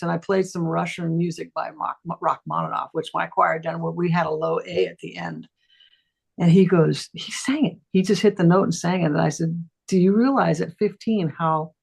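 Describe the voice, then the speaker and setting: A middle-aged woman, a voice teacher, telling a casual story on a talk stream and acting out the voices of the people in it with big jumps in pitch. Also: fairly even intonation, normal speed, creaky, a little mellow, breathy edge.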